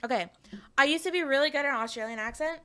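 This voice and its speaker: A woman's voice: sits high, racing, sharp tone. A woman streamer in casual live chat, rambling and giggly with lots of fillers.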